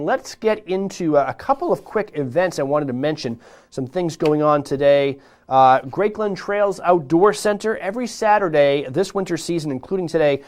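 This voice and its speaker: A man's voice: a little high, a little mellow. A man hosting a live morning show, upbeat and chatty, with rambling asides.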